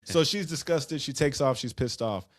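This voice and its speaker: A man co-hosting a podcast, casually recapping a musical's plot in an animated, slangy way. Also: medium pitch, moderate pace, dry recording, clean studio sound. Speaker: podcast co-host.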